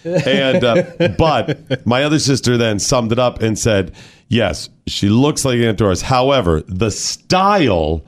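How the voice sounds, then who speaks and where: Male radio host, casual chat, lively pitch, animated storytelling. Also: unhurried. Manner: animated storyteller, stretches words for effect.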